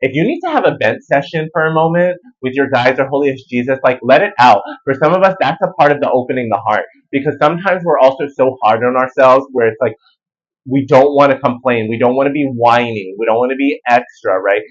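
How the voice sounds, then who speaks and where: A man talks through a tarot reading in an animated, rambling way, full of slang. His voice sits at an ordinary pitch, and the audio sounds a little muffled. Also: brisk. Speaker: tarot reader. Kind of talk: casual spiritual card reading.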